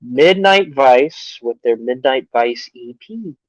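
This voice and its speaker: A man's voice: mid-range voice, lively intonation, slow pace, dry recording, muffled recording. Give me a man with a dry, close sound, cursing and rambling jokily as a podcast co-host. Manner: profane, rambling, jokey. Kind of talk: casual podcast chat.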